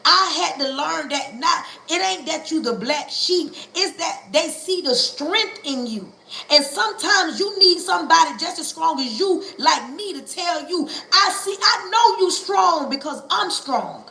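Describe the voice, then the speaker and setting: A woman preaching a livestream sermon, calling on listeners to say ouch, with a church cadence that stretches words and builds to shouting. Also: very high-pitched, expressive, measured pace, gravelly, reverberant, rough recording.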